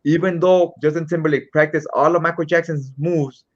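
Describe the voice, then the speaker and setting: A man co-hosting a casual podcast, telling stories in a lively way and acting out the quotes. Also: a little high, fairly quick. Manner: animated storyteller, acts out quotes. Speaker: podcast co-host. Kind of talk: casual chat. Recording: dull lo-fi sound.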